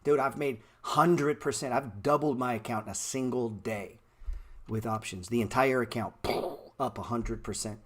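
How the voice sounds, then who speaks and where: A man's voice: medium pitch, normal speed, fairly bright tone. A man hosting a live stock-trading stream, answering chat in blunt, slangy street talk and calling viewers bro. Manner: repeats words playfully.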